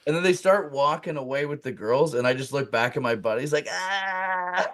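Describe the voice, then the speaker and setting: Un humoriste parle sur un ton de conversation détendue, en racontant une anecdote drôle. Sa voix est de hauteur moyenne, et il rit souvent entre ses phrases. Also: male voice, medium pitch, quick pace. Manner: animated, laughs through his story, many fillers. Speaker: comedian guest. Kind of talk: casual comic storytelling.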